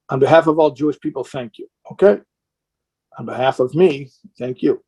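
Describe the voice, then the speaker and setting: A man's voice: on the high side, fairly quick, darkish tone, breathy edge. A man speaking as a rabbi in an impassioned question-and-answer talk, earnest and emotional, sounding tired and worn down.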